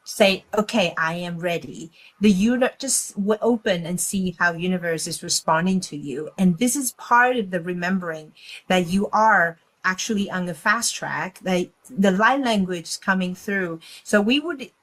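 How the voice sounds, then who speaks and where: A woman, a guest channeler, giving spiritual talk slowly and haltingly, speaking as a collective "we". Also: fairly low pitch, fairly bright tone, poor audio.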